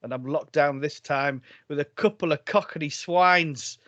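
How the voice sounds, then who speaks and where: A man's voice: fairly high pitch, measured pace, a bit bright, no echo. A man hosting a podcast over a video call, chatting casually, laughing often and tripping over his words. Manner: jokey, laughs often, restarts a lot. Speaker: podcast host. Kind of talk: casual chat. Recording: dry, slightly dull audio.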